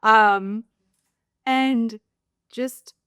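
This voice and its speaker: Speaking extremely slowly, a young adult woman who works as a nurse practitioner reflects openly as a guest in a casual interview, using many fillers. Her voice is a little high, fairly bright and smooth, with fairly even intonation, recorded with clean studio sound and no room sound.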